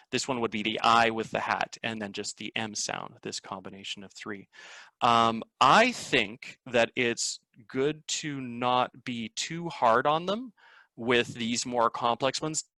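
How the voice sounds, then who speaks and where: Bright-voiced man teaching phonics. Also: mid-range voice, dry recording. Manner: acts out classroom phonics drills, exaggerated sounds. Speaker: English teacher giving a workshop. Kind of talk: casual teacher workshop talk.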